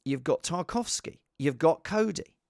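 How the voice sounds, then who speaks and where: Animated, gravelly Englishman chatting. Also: fairly high pitch, a little slow, no echo, clean studio sound. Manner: animated, rambling, with restarts and asides. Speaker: fantasy football vlogger. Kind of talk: casual solo chat.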